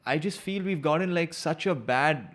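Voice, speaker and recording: A man's voice: on the high side, moderate pace, a bit bright. A man in his thirties from South Mumbai with a South Mumbai English accent, co-hosting a casual podcast discussion in an emphatic, indignant way, full of "like" and "bro". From South Mumbai, India. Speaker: podcast co-host.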